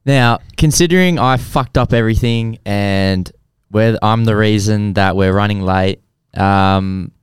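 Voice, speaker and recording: A young man co-hosting a casual podcast chat, swearing a lot and getting excited. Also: on the low side, a little slow, few pauses, clear, resonant tone, no echo, studio quality. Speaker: podcast co-host.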